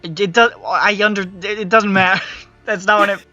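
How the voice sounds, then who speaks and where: Brief: male game master, sharp bright voice, slightly raised pitch, exasperated asides, dull lo-fi audio. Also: fairly even intonation, normal speed, no room sound, faint music behind. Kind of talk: running a tabletop game. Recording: dull lo-fi sound.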